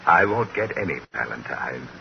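Brief: bashful bachelor, courtly and halting, lively pitch, hissy old radio. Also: male voice, vocal fry, muffled recording, exaggerated voice. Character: bashful, timid middle-aged bachelor clerk. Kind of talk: 1940s radio acting.

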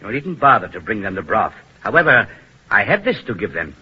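A man's voice: fairly low pitch, big pitch swings, brisk, slightly rough, exaggerated voice. An actor playing a cruel man who runs a starvation test, speaking with clipped, menacing control in a 1940s radio drama. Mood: cold. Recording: muffled old radio broadcast.

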